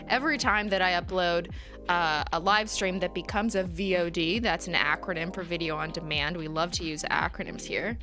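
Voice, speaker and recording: A woman hosting a casual livestream, reading out chat messages with playful, giggly, mock-corporate banter. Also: lowish voice.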